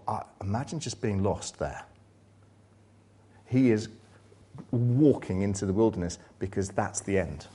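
A man preaching a sermon, reading scripture and retelling it dramatically, swinging from loud excitement to hushed, low passages. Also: slightly rough.

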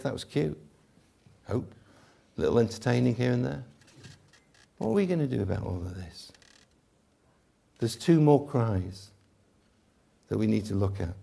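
A man preaching an Easter sermon, emphatic and swinging between loud and hushed delivery. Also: mid-range voice, gravelly, husky. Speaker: pastor.

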